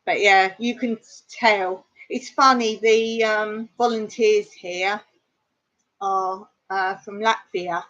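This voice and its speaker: A woman's voice: mid-range voice, steady tone, slow, fairly bright tone. A middle-aged English woman hosting a casual live-stream chat, talking with viewers and laughing often. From England. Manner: chatty, laughs often, answers viewer comments. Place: rural home in Cyprus. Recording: dull lo-fi stream audio.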